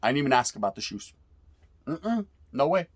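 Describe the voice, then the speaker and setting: With a mid-range, sing-song voice that has a breathy edge, this Californian in his forties talks at a moderate pace. He casually recounts his youth prison days in street slang, mixing in Spanish words, cursing plenty, and adding "right?" tags.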